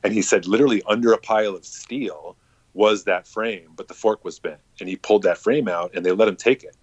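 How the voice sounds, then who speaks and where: A man with a somewhat low voice tells a loose, rambling story in casual chat, swearing freely and filling gaps with "like." The sound is dry and a little dull and lo-fi. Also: brisk, slightly rough, dry recording. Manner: rambling, profane, heavy on filler words.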